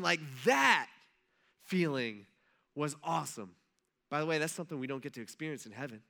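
A man's voice: a little high, very animated, moderate pace, gravelly, long pauses, pushed and bright. A man giving a casual sermon, conversational and full of "like," acting out imagined dialogues. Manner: conversational, filler-heavy, often says "like". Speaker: preacher.

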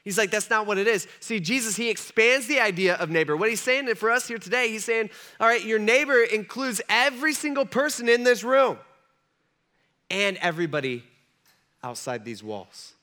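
A male pastor with a high, bright voice delivers a conversational sermon. He talks to the room directly and briefly voices the people in his story. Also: moderate pace. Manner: animated, conversational, acts out dialogue.

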